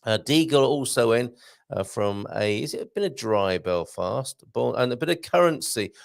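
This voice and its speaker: Jokey guy hosting a live stream, reading comments, voice bounces all over with a gravelly rasp. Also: mid-range voice, lively intonation, moderate pace, dry recording, clean studio sound. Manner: chatty, jokey, reads messages aloud with asides. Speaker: livestream host reading viewer comments. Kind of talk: casual live chat.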